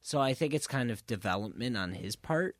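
A man's voice: mid-range voice, a little fast, no echo. Guy chatting movies, acts out quotes, dry sound. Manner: animated, acts out quotes, apologetic interrupter. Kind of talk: casual movie discussion.

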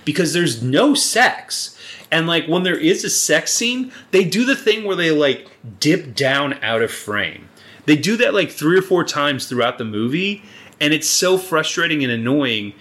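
A man's voice: on the high side, expressive, a little slow, a bit bright. A man co-hosting a podcast in casual chat, rambling and swearing freely. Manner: rambling, swears freely, playful mock quotes. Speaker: podcast co-host.

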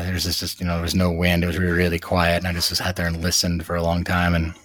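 Low-voiced reflective man telling a story. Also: fairly bright tone, no room sound, clean studio sound. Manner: reflective, halting with many fillers. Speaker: guest telling a personal story. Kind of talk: casual storytelling.

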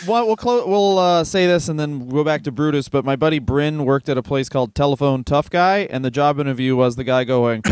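Animated storytelling man in his thirties. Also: medium pitch, fairly quick, hardly any pauses, clean tone, dry recording. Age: 30s. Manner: animated storyteller doing voices. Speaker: podcast co-host. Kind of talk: casual comedic storytelling. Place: his garage.

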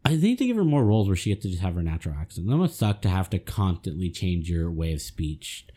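Low, mellow-voiced man in casual chat. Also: sing-song, fast talker, slightly rough. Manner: loose, swearing, laughs often. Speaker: podcast co-host.

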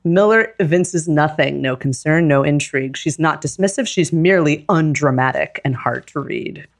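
Low-voiced woman reading stage directions. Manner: steady, deliberate, with occasional laughs. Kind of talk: live script reading.

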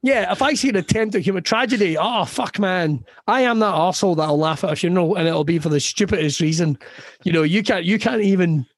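A man's voice: sits high, quick pace, husky, no echo, studio quality. A Scottish man in his forties, a comedian chatting casually on a podcast, swearing and laughing as he rambles through stories. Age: 40s. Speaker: comedian guest.

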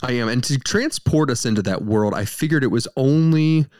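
Lively joking man reviewing films. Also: medium pitch, normal speed, no room sound, studio quality. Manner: joking, playful and expressive. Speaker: podcast co-host, film reviewer. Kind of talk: casual film review chat.

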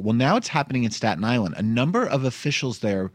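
A man's voice: mid-range voice, quick pace, hardly any pauses, no room sound. A man, hosting a comedic news podcast in a chatty, wry way and laughing as he talks. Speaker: podcast host. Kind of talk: casual comedic news chat.

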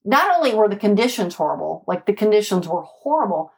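A woman homicide detective recounts her street years in a loose, animated storytelling voice. She speaks emphatically and bluntly, swearing freely. She keeps checking in with her listener as she goes, at an everyday mid-range pitch. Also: brisk. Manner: animated, emphatic, swears, peppers speech with "right?" and "like". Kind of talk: casual storytelling in conversation.

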